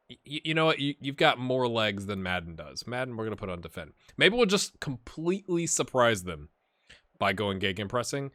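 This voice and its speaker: A man hosting a gaming channel, casually commenting while he plays, chatty and rambling, with laughs and sudden excited outbursts. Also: mid-range voice, dry recording, studio quality. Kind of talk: casual commentary while playing a football management game.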